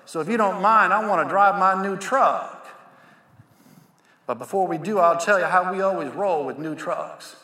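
Preacher doing folksy rancher, high forceful drawl, roomy hall echo. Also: male voice, moderate pace. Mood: firm. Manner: folksy, drawling, calls listener son. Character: blunt old male rancher buying a truck. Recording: echoey hall with long reverb.

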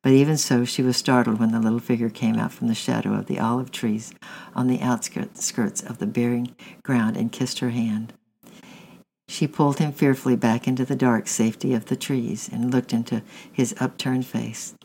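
Gravelly male storybook narrator. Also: medium pitch, moderate pace, a little hiss or hum, low-quality recording. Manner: steady reading with frequent self-corrections. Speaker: audiobook reader.

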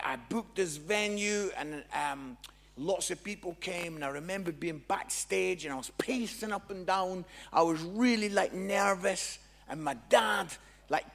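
Scottish guy telling funny faith stories, lots of ums, kinda high pitched, echoey hall. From Scotland. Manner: animated, jokey storytelling with frequent fillers. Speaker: Christian comedian and speaker. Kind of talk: humorous testimony talk.

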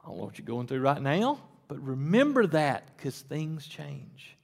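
Slow-preaching man in a reverberant church. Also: a little high, sing-song, creaky. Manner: conversational preaching with sudden emphatic rises. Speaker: pastor. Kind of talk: sermon. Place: church sanctuary. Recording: long reverb in a church hall.

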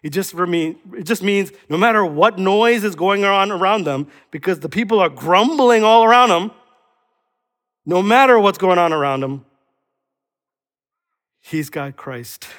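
Man, pastor, sermon, high voice, rhetorical questions, long hall reverb. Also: measured pace, long pauses. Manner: animated preaching, rhetorical questions, acts out voices.

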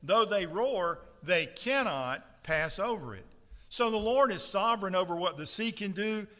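A fairly high, bright and forceful male voice preaching from the pulpit. He moves from easy storytelling to loud, emphatic scripture reading. The sound carries a long church reverb. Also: animated, a little slow. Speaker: pastor. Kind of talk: sermon. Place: church sanctuary.

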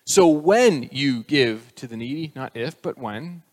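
A man's voice: mid-range voice, expressive, a little slow, a little mellow. A male pastor preaching a sermon, emphatic and rising on key phrases, with casual asides to the congregation.

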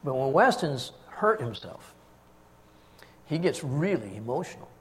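Animated older man preaching in a hall. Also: medium pitch, a little slow. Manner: storytelling, animated, acts out quotes. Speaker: pastor. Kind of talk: sermon.

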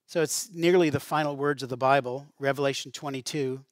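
A man's voice: medium pitch, steady tone, a little fast, hardly any pauses, no room sound, clean studio sound. A middle-aged man preaching a sermon as a pastor, conversational, with asides and light humor.

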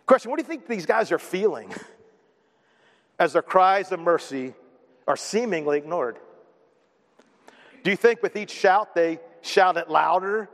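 A man's voice: high-pitched, big-room sound. A man preaching a sermon as pastor, emphatic and building with repeated phrases.

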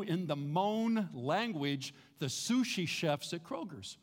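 Animated preacher in a reverberant hall. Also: male voice, a little high, slow pace, hardly any pauses. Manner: animated storytelling, leads the congregation in repeating phrases. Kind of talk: sermon.

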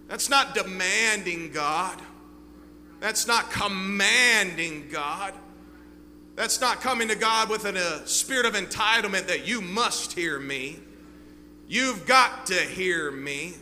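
Fervent, bright-voiced preacher man. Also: high voice. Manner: fervent preaching, swinging between loud and hushed. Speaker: pastor. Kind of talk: sermon. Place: church sanctuary. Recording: reverberant hall with faint hum.

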